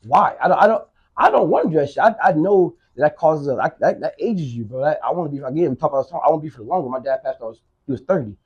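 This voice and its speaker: A man's voice: a little high, animated, very fast, breathy edge, muffled recording. A man in his thirties chatting casually on a podcast, rambling and repeating himself, with plenty of swearing. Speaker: podcast co-host. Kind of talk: casual chat.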